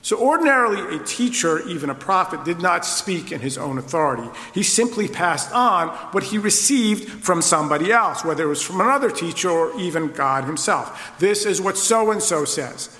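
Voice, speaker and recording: A man with a high, bright voice preaches a sermon and works through his text with rhetorical questions. His words ring out through a large hall with a long, echoing reverb. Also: very animated, normal speed, few pauses. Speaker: pastor.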